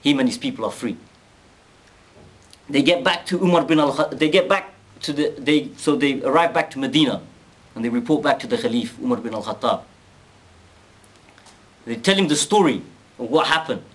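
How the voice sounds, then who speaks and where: A man casually retelling a story, animated, acting out quoted speech and often restarting his sentences. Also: mid-range voice, moderate pace, pauses often.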